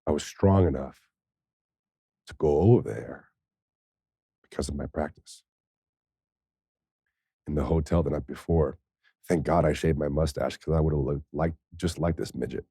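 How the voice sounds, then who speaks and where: A low-pitched man with a dark, mellow voice tells a raw personal story as a podcast guest. He talks candidly and swears freely, and he is tearful at times. The sound is dry and close. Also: measured pace, long pauses, slightly rough, dry recording. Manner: candid and profane, with laughs and soft, choked passages. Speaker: podcast guest, former pro football player.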